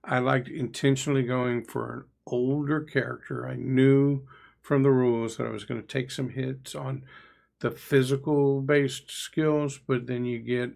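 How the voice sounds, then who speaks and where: A man's voice: medium pitch, flat delivery, unhurried, vocal fry, darkish tone. A man co-hosting a casual game review podcast, chatty and musing, often trailing into asides. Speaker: podcast co-host, player. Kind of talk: casual discussion.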